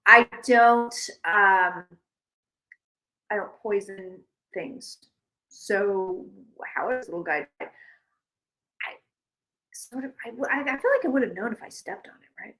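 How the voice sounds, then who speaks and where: Bright-voiced woman telling a rambling story. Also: medium pitch, a little slow, long pauses, poor audio. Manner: rambling animated storytelling, many restarts. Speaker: psychic livestream host. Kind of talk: casual chat.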